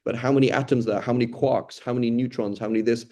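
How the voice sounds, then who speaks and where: A man's voice: medium pitch, steady tone, rapid-fire, mellow. A middle-aged man teaching an informal lecture on Quran study, talking conversationally and often checking in with "right?". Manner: conversational, thinks aloud with frequent "right?" and restarts. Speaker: religious teacher.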